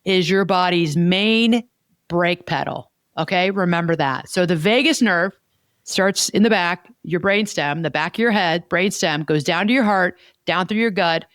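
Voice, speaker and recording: A woman's voice: lowish voice, unhurried, fairly bright tone, dry recording, studio quality. A woman therapist hosting a podcast, explaining ideas in a teaching way and checking in with "okay?" as she goes. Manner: didactic, repeats key points with "okay?".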